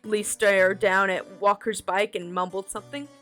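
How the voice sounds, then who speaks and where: A woman's voice: medium pitch, level tone, moderate pace, sharp tone. Woman, live-stream book reading, casual asides, faint background music. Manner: casual asides and laughter between passages.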